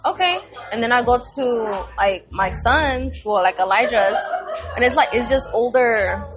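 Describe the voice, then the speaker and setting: A woman's voice: a little high, a little slow, music in the background. A woman, a podcast co-host, talking frankly in casual chat.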